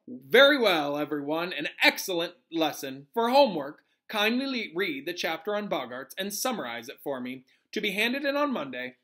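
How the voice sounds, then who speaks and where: A man doing a loud upbeat wizard teacher. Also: on the high side, big pitch swings, moderate pace, few pauses. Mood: pleased. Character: brisk encouraging adult male wizard teacher.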